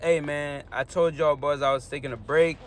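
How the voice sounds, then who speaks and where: A young man casually vlogging about his sports bets, slangy and animated, sometimes trailing off into quiet muttering and working through numbers haltingly. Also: medium pitch, a little hiss or hum. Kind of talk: casual talk to camera.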